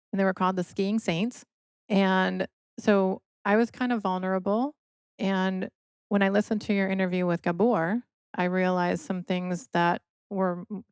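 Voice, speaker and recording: A woman's voice: mid-range voice, creaky, clear, resonant tone, no room sound, studio quality. A middle-aged woman from Michigan, a podcast guest telling her personal story in an earnest, emotional way. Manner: earnest, emotional, quotes others in dialogue.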